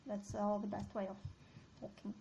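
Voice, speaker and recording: A woman's voice: medium pitch, level tone, moderate pace, vocal fry, background noise. A woman teaching a discussion lesson on a play, asking her students questions and reading quoted lines aloud.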